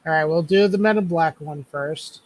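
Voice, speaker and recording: A man's voice: on the high side, normal speed, poor audio. A man hosting his own stream, chatting loosely with fillers and the odd swear. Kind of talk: casual chat.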